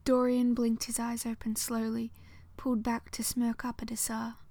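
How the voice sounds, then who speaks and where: A woman narrating an audiobook story in a soft, intimate way, often dropping to a whisper. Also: on the high side, monotone, normal speed, no room sound.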